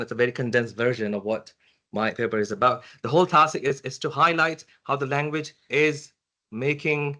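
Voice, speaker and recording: A man's voice: medium pitch, fairly bright tone. A man answering a question at an academic conference, full of fillers and restarts. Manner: hesitant, many restarts and fillers. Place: university lecture room.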